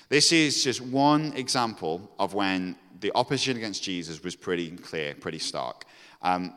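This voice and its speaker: A man's voice: lowish voice, a bit bright. A man preaching a conversational sermon, with fillers and restarts as he talks through a passage. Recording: long hall reverb.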